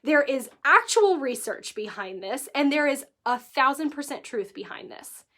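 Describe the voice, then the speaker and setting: A woman in her thirties, a vlogger telling a personal story to camera, lively and emotional, acting out the quotes. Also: high-pitched, normal speed. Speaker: vlogger giving life advice.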